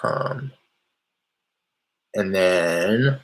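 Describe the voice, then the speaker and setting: A man casually explaining how he makes cold calls, in a loose, rambling way with many fillers, from a small warm room. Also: sits low, lively intonation, drawn-out words. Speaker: real estate wholesaler teaching cold calling. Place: small hot indoor room.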